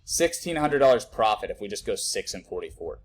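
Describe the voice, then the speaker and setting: A man's voice: on the low side, sing-song, a little fast. Profane man talking bets. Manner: blunt, profane, thinks aloud with numbers. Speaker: sports betting tipster. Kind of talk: casual live video talk.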